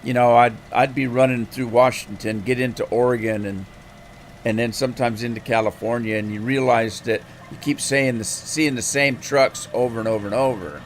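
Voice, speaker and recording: Male game streamer, mid-range voice, relaxed and rambling, folksy with fillers; faint game engine noise. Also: mid-range voice, moderate pace. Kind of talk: casual storytelling while gaming.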